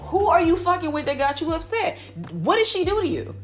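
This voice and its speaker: A woman co-hosting a candid casual chat, telling animated, profane stories full of exclamations. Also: extremely high pitch, a little fast, over music.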